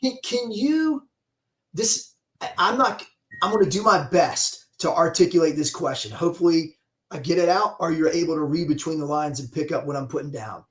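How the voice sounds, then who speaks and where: A man's voice: a little high, normal speed, fairly bright tone. Rambling man with a roomy echo. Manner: rambling, searching for words. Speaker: podcast host. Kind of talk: casual interview questions. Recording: roomy echoey sound.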